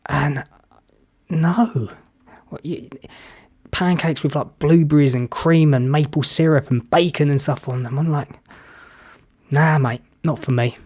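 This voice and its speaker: A man's voice: a little high, a little slow, darkish tone. A British man hosting a reaction video, chatting casually with blunt opinions and rambling anecdotes. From Britain.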